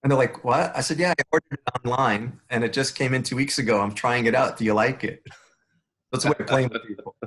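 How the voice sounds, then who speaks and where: A man's voice: mid-range voice, quick pace, fairly bright tone. Playful older man with a New York accent. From New York, the Bronx. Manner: playful, laughs often, jokes. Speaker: guest. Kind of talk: casual interview chat.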